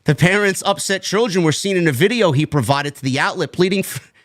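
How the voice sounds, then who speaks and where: A man co-hosting a wrestling talk show, reading a news report aloud in a measured way with chuckled asides. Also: sits high, a bit bright, no echo, studio quality. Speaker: podcast co-host.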